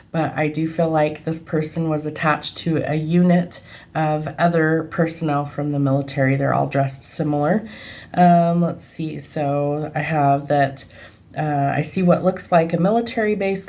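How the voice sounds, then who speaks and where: A young adult woman working as a medium, giving an unscripted reading and thinking aloud with frequent pauses and ums. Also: low-pitched, dark tone.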